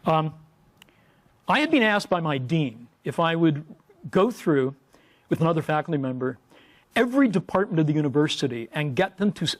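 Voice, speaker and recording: A male professor giving a humorous lecture from a podium, telling stories wryly and adding playful sound effects. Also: a little high.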